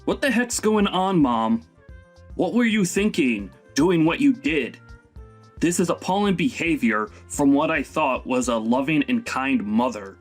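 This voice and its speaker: A man voicing a young husband who sternly reproaches his mother in an animated story drama. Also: on the high side, unhurried, faint music behind. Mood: reproachful.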